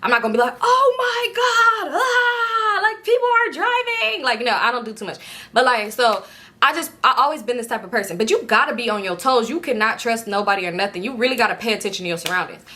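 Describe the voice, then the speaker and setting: Storytime vlogger, woman, animated and profane, forceful bright tone. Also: fairly high pitch, racing. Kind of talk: casual storytime.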